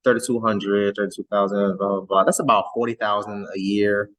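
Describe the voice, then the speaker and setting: A man's voice: on the low side, little pitch movement, brisk, fairly bright tone, poor audio. A man hosting a reaction video, chatting casually and often repeating words as he stumbles through his thoughts.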